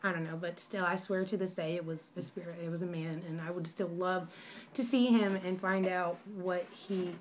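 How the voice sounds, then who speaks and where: A woman's voice: lowish voice, fairly even intonation, normal speed, slight background noise. Rambling young woman vlogging on a phone. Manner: rambling and apologetic, many restarts. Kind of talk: casual storytelling chat.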